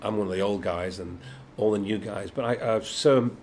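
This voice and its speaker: A man's voice: lowish voice, brisk. An older man with a Yorkshire accent, an actor telling anecdotes in an interview, acting out the quotes and laughing often. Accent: Yorkshire English. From Yorkshire, England. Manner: lively storyteller, acts out quotes, laughs often. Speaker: guest actor. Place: convention room. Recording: noisy convention room.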